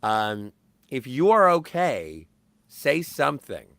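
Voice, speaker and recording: A man's voice: mid-range voice, sing-song, slow, creaky, fairly bright tone, no echo. A man co-hosting a podcast, chiming in with comments on a film. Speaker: podcast co-host. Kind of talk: casual film discussion.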